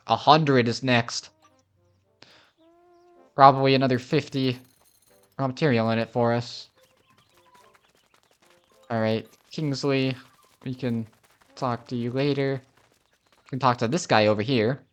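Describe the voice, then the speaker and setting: A man's voice: medium pitch, steady tone, measured pace, pauses often. A man casually commentating on a video game as a let's play host, chatty and easygoing.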